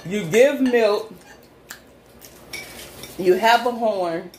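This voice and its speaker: A woman hosting a casual eating chat, teasing and lively with frequent laughs. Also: mid-range voice, very slow. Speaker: mukbang host. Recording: echoey room with faint noise.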